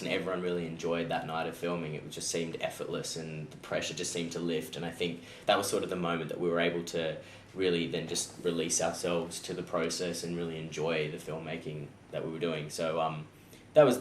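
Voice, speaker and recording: A man's voice: low voice, fairly even intonation, a little fast. A young Australian man, an actor being interviewed, answering casually and easygoingly with frequent ums. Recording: echoey room with faint noise.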